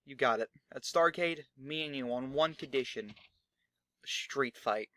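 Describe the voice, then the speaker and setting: A man voicing a gruff, irritated retired wrestler who now works backstage, in a dry recording. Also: medium pitch, unhurried, pushed and bright, no echo. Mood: curt. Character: gruff retired wrestler turned road agent.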